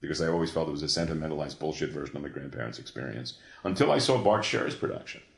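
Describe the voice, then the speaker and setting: A man in an interview, telling a long story in an animated, profane way, full of restarts. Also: extremely low pitch, racing, vocal fry. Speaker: guest, comics creator. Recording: echoey room.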